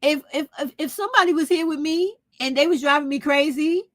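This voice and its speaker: A woman's voice: sits high, brisk, no echo. Blunt, profane New woman vlogger. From United States. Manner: blunt, profane, talks straight to viewers. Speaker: vlog host. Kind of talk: casual opinion vlog.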